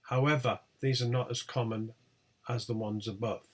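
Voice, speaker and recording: A man giving a recorded lecture, pacing through lists of example words with careful, deliberate pronunciation. His voice sits at an ordinary middle pitch for a man. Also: fairly even intonation. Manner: clear, deliberate delivery, reading out example words one by one. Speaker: pronunciation teacher. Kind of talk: recorded lecture over slides.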